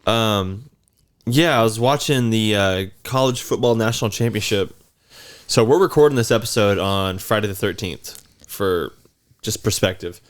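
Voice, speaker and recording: A man's voice: lowish voice, moderate pace. A man in his thirties casually telling a long, rambling story on a podcast. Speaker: podcast co-host.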